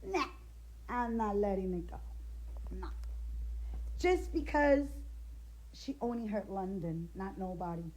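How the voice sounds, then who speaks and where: A woman's voice: medium pitch, animated, slow, pauses often, dark tone, poor audio. A middle-aged woman, a grandmother, ranting straight to the camera with indignant, confrontational rhetorical questions. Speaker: grandmother speaking out in a family feud. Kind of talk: direct-to-camera rant.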